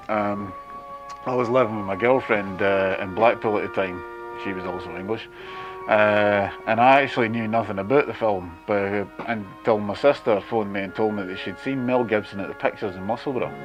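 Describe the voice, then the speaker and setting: A Scottish man in his forties talks straight to camera in a loose, chatty monologue, dropping wry jokes as he goes. The sound is dull and lo-fi, with faint music running quietly underneath. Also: lowish voice. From Scotland. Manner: wry, chatty, jokey asides. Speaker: video blogger.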